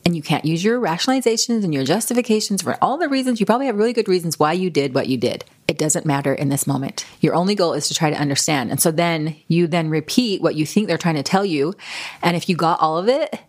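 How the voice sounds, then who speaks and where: Quick-talking, emotional woman co-host. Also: lowish voice, animated. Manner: warm, emotional, quick and chatty. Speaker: podcast co-host. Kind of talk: casual conversation.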